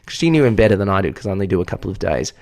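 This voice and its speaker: Low-pitched and darkish, his voice races along in a sing-song way with vocal fry. The Australian podcast co-host tells a lengthy, casual story, candidly, profanely and at his own expense, recorded in clean studio sound with no room sound.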